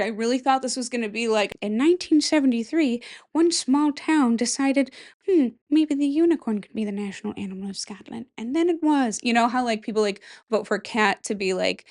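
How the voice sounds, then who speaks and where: A young woman hosts her own podcast in a loose, rambling way, laughing at her own tangents. Her voice sits a touch high. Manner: chatty, rambling, giggly asides. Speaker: podcast host. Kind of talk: casual solo podcast chat.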